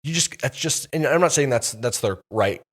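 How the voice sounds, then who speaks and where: A man co-hosting a church podcast, talking casually with many restarts and pauses. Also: mid-range voice, animated, fairly bright tone. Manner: hesitant, many restarts and fillers. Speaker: pastor and podcast co-host.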